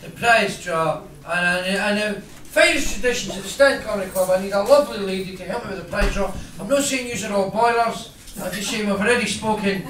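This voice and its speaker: Brash Scottish compere, high and booming. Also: male voice, brisk. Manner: brash, crude, teasing. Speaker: comedy club compere. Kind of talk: live stand-up crowd banter. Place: comedy club stage before a live audience. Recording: echoey club, distant mic, loud crowd.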